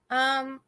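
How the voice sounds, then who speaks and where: A woman's voice: sits high, pushed and bright. A woman in her thirties hosting a livestream, chatting casually in a blunt, profane and indignant way, rambling with restarts. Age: 30s. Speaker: livestream host.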